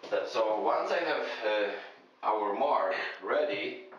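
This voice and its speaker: A man's voice: lowish voice, animated, slow. Man, tile installer, methodical, hesitant, muffled echoey bathroom recording. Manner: methodical, hesitant with frequent fillers. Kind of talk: step-by-step how-to narration. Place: bathroom under renovation. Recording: very echoey room, dull sound.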